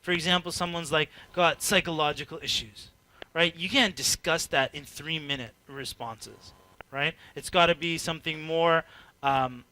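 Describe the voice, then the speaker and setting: A man giving an informal teaching talk to a group, animated and chatty, acting out little dialogues and laughing between filler-heavy sentences. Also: a little high, moderate pace. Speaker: workshop speaker.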